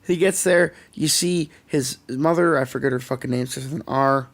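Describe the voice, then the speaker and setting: A young Canadian-accented man co-hosts a podcast, ranting sarcastically in casual chat and swearing often. His fairly high voice moves briskly with hardly any pauses, captured on a podcast microphone.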